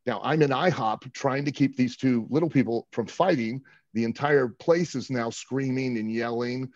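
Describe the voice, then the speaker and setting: A man's voice: mid-range voice, normal speed, darkish tone, no room sound, dull audio. A man, a show guest, telling a long road story in casual chat and acting out the quotes with animation.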